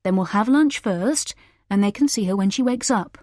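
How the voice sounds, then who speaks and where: A woman's voice: mid-range voice, moderate pace, darkish tone, dry recording, studio quality, close to an everyday voice. Eager, placating young husband, as a woman reads him. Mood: strained patience. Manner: hopeful, pleading.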